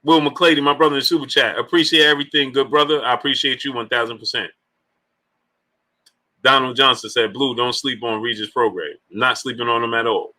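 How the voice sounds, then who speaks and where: A man hosts a boxing live stream in easy, bantering talk, greeting viewers one after another and pushing for likes. His voice is strikingly bright and cutting, sitting at an ordinary middle pitch. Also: steady tone, brisk, poor audio. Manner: shouts out chat viewers and keeps urging likes; loose, laughing, joking banter. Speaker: boxing livestream host. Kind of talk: casual live-stream chat.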